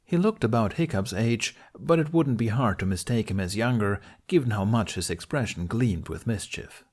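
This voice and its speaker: A man with a fairly low voice reading a fantasy fan story aloud. His delivery is measured and steady, in a storytelling style. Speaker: fan fiction reader. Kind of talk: podfic narration.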